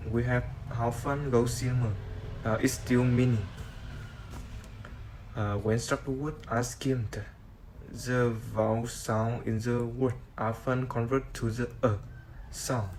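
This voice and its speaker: A man whose first language is Vietnamese, reading a class presentation on sentence stress in a halting way with many "uh" fillers. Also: mid-range voice, a little mellow, slight background noise, low-quality recording. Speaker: student presenter.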